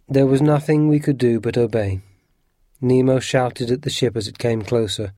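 Mellow man narrating a storybook. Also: mid-range voice, moderate pace, no echo, studio quality. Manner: steady, earnest first-person storytelling.

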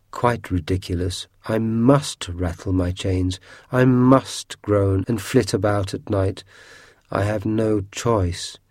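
Brief: mournful old male storybook ghost, deep and quivery, grumbles; a man reads the part in a dry, close sound. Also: warm tone, no room sound. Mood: grumbling. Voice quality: low and quivery. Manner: grumbling, self-pitying. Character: sad lonely old male ghost, sulky.

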